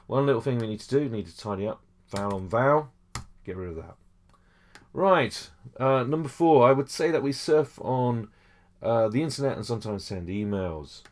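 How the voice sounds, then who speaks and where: A man's voice: mid-range voice, lively intonation, normal speed. A man teaching a French lesson over a screen recording, explaining each step patiently with frequent okays and small hesitations.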